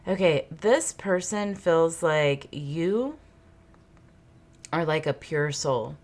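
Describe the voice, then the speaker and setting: Low-voiced woman giving a tarot reading. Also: slow, a little mellow, a little hiss or hum. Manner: repeats phrases, muses aloud, asks spirit questions. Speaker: tarot reader. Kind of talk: intuitive tarot reading monologue. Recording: card shuffling clicks in background.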